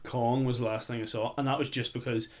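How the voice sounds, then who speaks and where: Man, middle-aged, podcast co-host, casual movie chat, rambling, mid pitch. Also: level tone, quick pace. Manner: rambling, many "you know" fillers.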